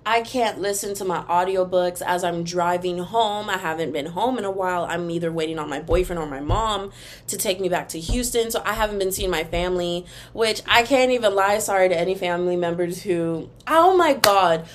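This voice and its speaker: A woman's voice: on the low side, fairly quick. A young woman hosting a podcast, ranting casually and animatedly to her listeners. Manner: animated and expressive, sings snippets, talks to listeners as "girl" and "y'all". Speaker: podcast host.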